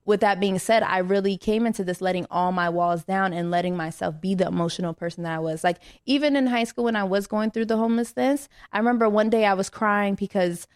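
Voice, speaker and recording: A woman's voice: medium pitch, fast talker, hardly any pauses, clean tone. A young woman in her twenties, a podcast guest, telling her own story candidly and with feeling, raising her voice when she quotes herself and others. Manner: animated, acts out quoted lines with a raised voice. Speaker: podcast guest, reality show contestant.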